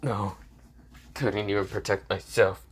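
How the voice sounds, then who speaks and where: A man's voice: fairly low pitch, steady tone, measured pace, husky, voice pushed down. A man voicing a stern, serious teenage boy hero who speaks bluntly, in a casual storytelling retelling. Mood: subdued. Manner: blunt, curt.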